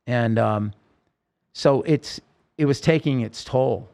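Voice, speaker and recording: A man telling his own story in a podcast interview, earnest and halting, with many restarts. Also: medium pitch, creaky, darkish tone.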